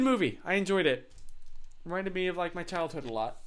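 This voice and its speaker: Man, young adult, hoarse raspy throat, fairly high voice, casual live-stream chat, rambling and self-mocking. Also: big pitch swings, fairly quick.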